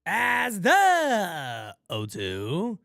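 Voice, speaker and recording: A man's voice: high-pitched, huge pitch swings, drawn-out words, gravelly, a bit bright, no echo, studio quality. A man hosting a live play-by-play stream, calling the game with sarcastic, exasperated fan commentary. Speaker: host.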